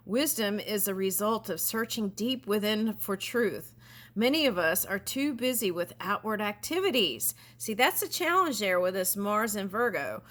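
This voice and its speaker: A woman's voice: mid-range voice, a bit bright. A woman giving a casual spiritual card reading, reading passages aloud and chatting about them with frequent little asides. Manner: chatty, reads aloud then comments, giggly asides. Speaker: tarot reader.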